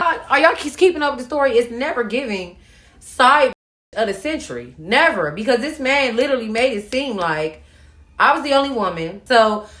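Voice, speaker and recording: A woman's voice: medium pitch, roomy sound. A woman telling a personal story in a casual monologue, swearing freely and acting out what people said. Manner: animated, profane, acts out quotes. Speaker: storytime host.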